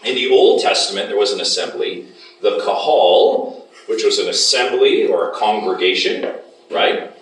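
A man's voice: on the low side, sing-song, moderate pace, fairly bright tone. A man teaching a Bible class as a lecture, often putting questions to the class. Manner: asks the class frequent questions. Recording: echoey room from a distance.

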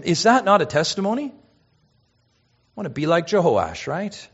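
A man preaching a sermon to his church, swinging between loud emphasis and hushed asides. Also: high voice, sing-song, normal speed, pauses often, breathy edge, highs cut off. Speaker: pastor.

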